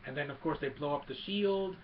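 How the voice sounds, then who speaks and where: A man's voice: fairly high pitch, fairly quick. A man eagerly retelling a film plot in a casual recap, rambling and restarting as he goes, on a dull lo-fi recording with faint hiss. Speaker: film reviewer.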